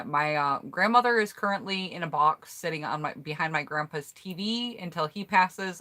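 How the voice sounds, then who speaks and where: A low-pitched American woman chats on a casual live stream. Her voice is bright and forceful. She answers viewer comments in a blunt, candid way. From United States. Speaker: YouTuber hosting a live stream.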